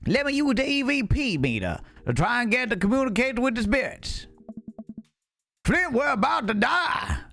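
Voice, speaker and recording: A man voicing a panicked Southern ghost-hunting trucker with an exaggerated Texan hick drawl, loud and shouting. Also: very high voice, big pitch swings, moderate pace, creaky, faint music behind, voice pushed up, full character voice. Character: panicked Southern male trucker ghost hunter, reality TV type.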